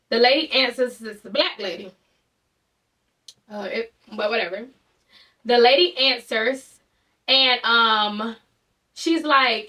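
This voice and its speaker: Bright high-voiced woman telling a story. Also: distant mic. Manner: animated, exasperated storytelling with lots of fillers. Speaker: vlogger. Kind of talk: casual storytime.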